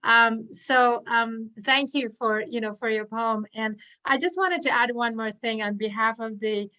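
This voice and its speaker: A woman's voice: a little high, a little slow, sharp tone, low-quality recording. A woman at an online community event, earnestly telling a personal story and acting out the quoted dialogue. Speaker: audience member at an online poetry event.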